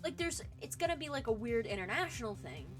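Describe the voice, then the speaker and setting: A woman streamer with a fairly high, sing-song voice talks fast over game music during a casual let's-play. Her commentary is emotional and thought out loud, with the occasional swear word.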